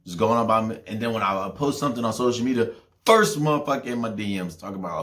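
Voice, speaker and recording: A young man hosting a podcast, ranting in a heated, profane way, with loud outbursts and low mutters. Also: sing-song, fast. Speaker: podcast host.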